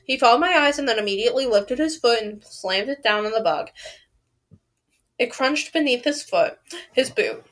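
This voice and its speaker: A woman reading a novel aloud in an expressive way. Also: on the high side, moderate pace. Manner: expressive, reacts loudly to the story. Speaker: reader of a book series.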